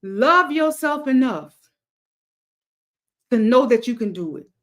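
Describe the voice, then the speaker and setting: A woman's voice: fairly high pitch, lively intonation, takes it slowly, fairly bright tone. A woman hosting a motivational livestream, talking to her chat in an emphatic, repetitive cadence like a preacher. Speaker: livestream host.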